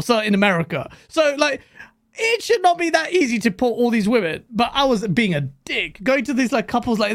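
A British man, a guest on a gaming podcast, telling animated stories in casual chat and swearing freely. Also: sits high, creaky, dry recording, studio quality.

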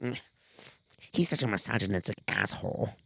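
A young man co-hosting a casual podcast, telling stories loudly, swearing a lot and laughing often. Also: lowish voice, moderate pace, creaky, slightly rough, no echo. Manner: loud, profane storytelling, laughs often. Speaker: podcast co-host.

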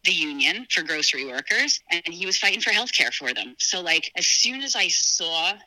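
A woman from New Jersey, a podcast guest telling her own story in a casual, animated way and acting out quoted voices. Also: moderate pace, low-quality recording. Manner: animated, acts out quoted dialogue with big pitch jumps.

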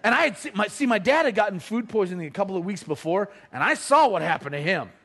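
A man's voice: high-pitched, quick pace. A middle-aged man telling a comic family story to an audience, acting out the voices of his relatives. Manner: animated, acts out family members' voices.

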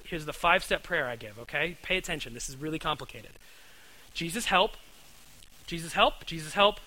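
A man's voice: on the high side, bright, forceful tone, low-quality recording. A man preaching a conversational sermon, earnest, often repeating words and asking his listeners "right?".

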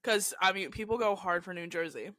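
A woman's voice: lowish voice, brisk, a bit bright. A young woman from California, co-hosting a podcast and telling stories in a rambling, casual way, acting out what people said with lots of restarts. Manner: chatty storyteller, quotes people in their own voices, frequent likes and restarts. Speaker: podcast co-host. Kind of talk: casual chat.

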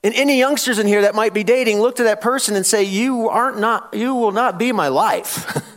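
A pastor with a high-sitting voice preaches briskly in church, reading scripture aloud with emphasis. He calls out questions for the congregation to answer, rising into loud challenges in a call-and-response style.

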